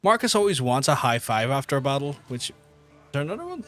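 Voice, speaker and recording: Young man, game stream commentary, crisp bright voice, lots of swearing and laughter, faint music behind. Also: medium pitch, quick pace. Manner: swears freely, laughs often, animated storytelling. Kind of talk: casual livestream commentary.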